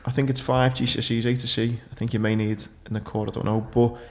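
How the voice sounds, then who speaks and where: A man's voice: mid-range voice, flat delivery, fast talker. A man hosting a podcast, chatting casually in a matey way and swearing now and then. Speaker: podcast host. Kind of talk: casual chat.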